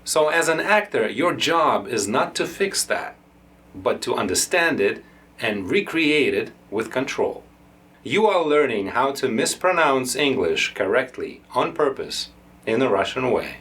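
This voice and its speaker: A man working as a dialect coach, explaining pronunciation in a deliberate, teacherly way. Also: mid-range voice, sing-song, fairly bright tone, slightly rough. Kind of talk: instructional explanation.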